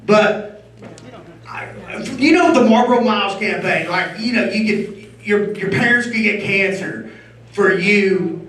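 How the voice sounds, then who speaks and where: A middle-aged man doing a stand-up comedy set on stage, telling loud, punchy jokes with shouted bursts. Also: high voice, a little slow. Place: comedy venue stage before a live audience. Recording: echoey room from far off.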